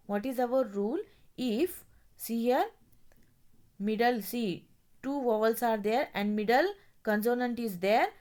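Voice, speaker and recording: Slow, lively woman teacher. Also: mid-range voice. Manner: explains step by step, often checks "got it?"; spells words out letter by letter. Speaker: English teacher. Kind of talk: classroom grammar lesson.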